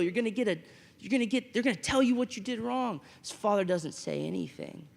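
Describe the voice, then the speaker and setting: A man with a fairly high voice preaches in a school chapel, his words ringing through a long reverberant hall. He tells a story with animated swings, acting out quoted lines and checking in with the room. His delivery rises to loud emphasis and drops to soft near-whispers. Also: a little fast, creaky. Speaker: chapel speaker. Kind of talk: youth chapel sermon.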